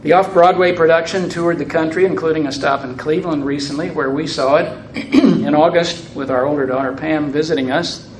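An older man speaking to a congregation, telling stories and reading aloud at a measured, unhurried pace, his phrases trailing off softly. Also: on the high side, steady tone, echoey room, a little hiss or hum, low-quality recording. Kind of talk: storytelling talk with reading aloud.

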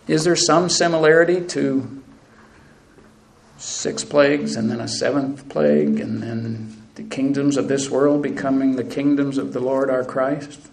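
A man's voice: mid-range voice, fairly even intonation, unhurried, creaky, poor audio. A man preaching a sermon, earnestly reading scripture aloud and addressing the congregation as brethren. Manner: earnest, reads scripture aloud with rising intensity.

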